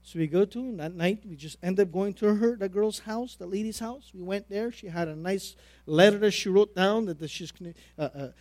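A middle-aged man preaching a sermon, telling a personal story with repeated phrases and big swings between loud and quiet. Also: high-pitched, moderate pace, no echo.

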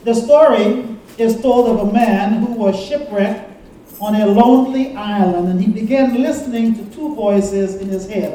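Echoey preacher leading a church sermon. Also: male voice, sits high, mellow, a little hiss or hum. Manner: call-and-response preaching, storytelling. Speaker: pastor. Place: church sanctuary. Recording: echoey church room, mic at a distance.

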